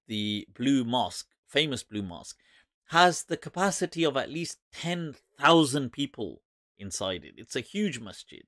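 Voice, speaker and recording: Man, Islamic scholar, casual talk, lively pitch, mocking, laughing, dry recording. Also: no echo. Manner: animated, mocking, laughs often. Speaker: Islamic scholar giving commentary.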